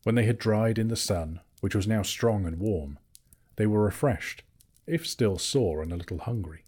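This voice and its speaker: A man reading a classic children's novel aloud in a measured, storytelling manner. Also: fairly low pitch, expressive, a little mellow, slightly rough. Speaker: narrator. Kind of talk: audiobook reading.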